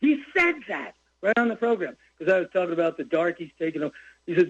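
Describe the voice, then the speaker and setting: An older male caller with a high voice, ranting over a dull, lo-fi phone line. He rambles and heats up, hopping from one grievance to the next without a pause. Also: very animated, fairly bright tone. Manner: rambling, heated, jumps between topics. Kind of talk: call-in radio rant.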